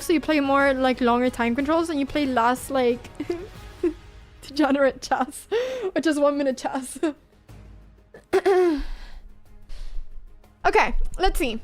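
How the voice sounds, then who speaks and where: A young woman streaming chess, chatting casually and laughing often at her own guesses. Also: high voice. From Sweden. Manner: giggly and self-mocking, laughs often. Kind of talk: casual commentary over online games.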